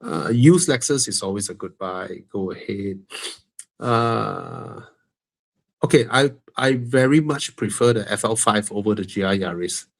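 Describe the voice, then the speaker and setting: With a fairly low, slightly slow voice marked by vocal fry, a Malaysian English-accented man hosts a live car-buying Q&A. He jokes and speaks plainly, breathing heavily through a stuffed-up nose.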